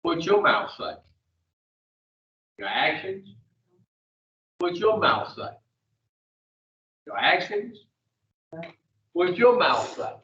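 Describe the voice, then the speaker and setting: Brief: man, recovery group leader, profane and confrontational, a bit high-pitched; distant, muffled room recording. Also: sing-song, drawn-out words, pauses often, bright, forceful tone. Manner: blunt and profane, questions listeners directly. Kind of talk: blunt group teaching session. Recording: dull echoey room, mic far off.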